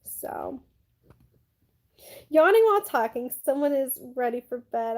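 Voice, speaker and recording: Bubbly high-voiced woman live streamer. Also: sing-song, unhurried, darkish tone, poor audio. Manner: chatty, bubbly, many "like" fillers, yawning. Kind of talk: casual live stream chat reading comments.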